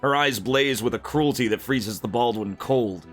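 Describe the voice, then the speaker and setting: Man, storyteller, gritty fantasy reading, mid pitch, faint background music. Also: moderate pace.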